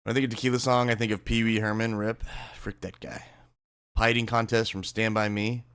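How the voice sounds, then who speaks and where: A man's voice: fairly low pitch, level tone, a little fast, a bit bright, clear, resonant tone. A man streaming live, joking and teasing his chat in a casual way.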